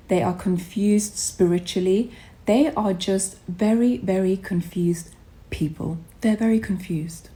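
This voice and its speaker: A woman lays out her opinion in a deliberate, emphatic way and hammers her points through repetition. Her voice is lowish and mellow. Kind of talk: opinion vlog.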